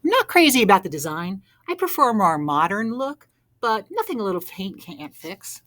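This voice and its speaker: Lady doing a squeaky excitable little doughnut guy, fussy and proud, swoops up and down a lot, storybook voice. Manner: high, loud and fast when alarmed.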